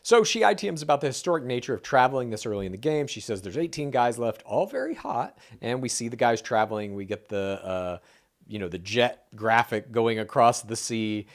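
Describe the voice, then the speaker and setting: A man co-hosting a podcast, recapping a reality show episode in casual, joking chat. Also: medium pitch. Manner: animated, joking, quick asides. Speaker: podcast co-host.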